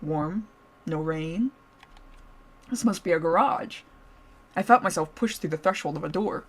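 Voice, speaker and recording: Unhurried and low-side, with a breathy edge, a woman streamer's voice carries a story read aloud to her viewers. She's playful and giggly, laughing and stopping now and then to joke with chat.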